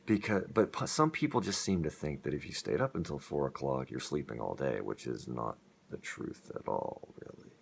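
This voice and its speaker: A man's voice: extremely low pitch, expressive, normal speed, creaky, few pauses, breathy edge. A young man talking earnestly and rambling in a personal vlog about living with his illness. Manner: rambling, earnest, with self-deprecating laughs. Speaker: vlogger. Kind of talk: rambling personal talk to camera.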